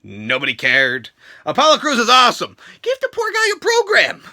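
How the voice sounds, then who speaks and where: Bright-voiced ranting man. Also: extremely high pitch, huge pitch swings, normal speed. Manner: crude, mocking, bursts into shouts and laughs. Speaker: wrestling show reviewer. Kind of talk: ranting comedic review. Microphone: handheld camera.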